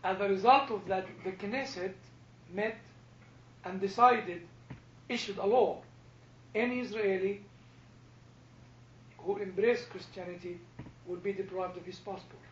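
A man's voice: high voice, measured pace, long pauses, a bit bright, a little hiss or hum. A man with a first language other than English, talking in a casual group discussion and often repeating words as he starts a thought. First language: not English. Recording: echoey room, dull lo-fi sound.

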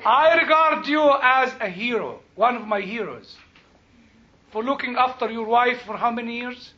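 A man's voice: very high-pitched, normal speed, sharp tone, dull audio. A man speaking as a rabbi to a group, chatty and joking, often asking the audience questions. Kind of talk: informal talk with jokes.

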